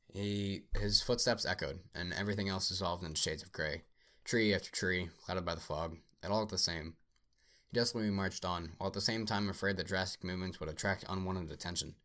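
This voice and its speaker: A man reading a science fiction story aloud at a steady pace, with small slips. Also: low voice. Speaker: narrator.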